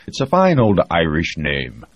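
A man's voice: sits low, huge pitch swings, measured pace, dry recording, highs cut off, heavily acted. A man reading an audiobook, voicing a curious and earnest young man who asks eager questions.

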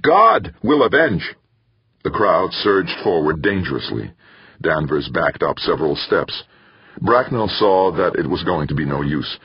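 Very deep, husky male narrator. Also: animated, unhurried, no echo. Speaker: audiobook narrator. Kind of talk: scripted narration. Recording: muffled dry recording.

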